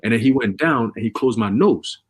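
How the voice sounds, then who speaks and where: A man casually preaching and telling a story on a religious livestream, with energetic, repetitive street talk full of slang. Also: mid-range voice, moderate pace, breathy edge.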